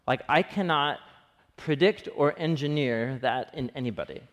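A man giving a conversational sermon, acting out the lines he quotes. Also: a little high. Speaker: pastor. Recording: long hall reverb.

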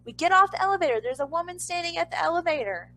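Talking very fast and expressively, a woman with a fairly bright tone casually recounts something that happened to her, peppering it with "like" and the occasional curse. When quoting others she raises her voice higher, and the low-quality recording has slight hiss or hum.

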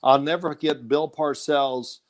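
A man, a former quarterback, telling stories as a guest in an animated, laughing way and acting out quotes. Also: fairly high pitch, measured pace. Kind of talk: casual phone-in storytelling.

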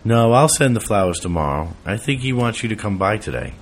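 A man's voice: fairly low pitch, big pitch swings, a little fast, slight background noise, voice pushed up. A man voicing a fretful wife who speaks anxiously and hesitantly. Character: fretful wife calling her husband.

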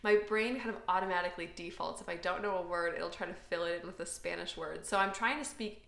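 Chatty American woman with a gravelly edge. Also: fairly low pitch, fast talker, fairly bright tone. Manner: chatty, self-deprecating, many fillers. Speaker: podcast co-host. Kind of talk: casual chat. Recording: echoey room.

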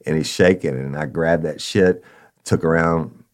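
A man's voice: a bass voice, fairly even intonation, unhurried. A man, a former narcotics officer, telling a blunt, profane story in casual talk and speaking to listeners as y'all.

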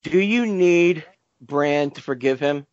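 A man hosting a casual podcast chat, animated and arguing his point with rhetorical questions. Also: a little high, takes it slowly, dry recording. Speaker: podcast host. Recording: dull lo-fi sound.

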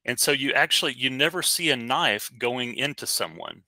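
Bright-voiced man hosting a podcast. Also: mid-range voice, expressive, normal speed, no room sound. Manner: chatty and rambling, with many fillers and restarts. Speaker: podcast co-host. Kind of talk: casual podcast movie review.

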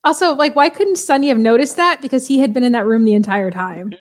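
A woman's voice: a little high, quick pace. A woman player in a tabletop game who chats casually and says "like" a lot. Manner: chatty, lots of "like".

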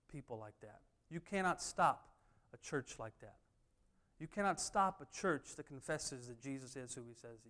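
A man's voice: on the high side, smooth. Emphatic man preaching. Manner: emphatic preaching with repeated refrains. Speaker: pastor. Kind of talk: sermon.

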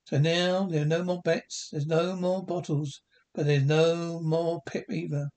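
A man's voice: a little high, little pitch movement, unhurried, a little mellow. An actor playing a middle-aged bookie and drunk, a desperate father who pleads and stammers with emotion in a 1960s TV drama. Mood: grieving.

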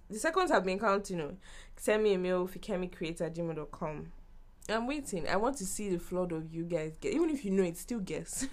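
A young woman hosting a podcast, telling a story in a bubbly, animated way and acting out what people said. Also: on the low side. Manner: bubbly, animated storytelling with laughs and acted-out quotes. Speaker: podcast host. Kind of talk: casual story time.

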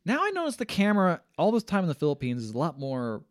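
A man's voice: fairly high pitch, huge pitch swings, quick pace. A man hosting a podcast, casually recapping a film's plot in a rambling way. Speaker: podcast host. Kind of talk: casual movie discussion.

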